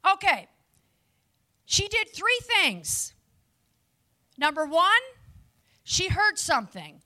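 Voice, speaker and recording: A woman preaching a lively sermon to a live audience, with chatty asides to the listeners. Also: extremely high pitch, takes it slowly.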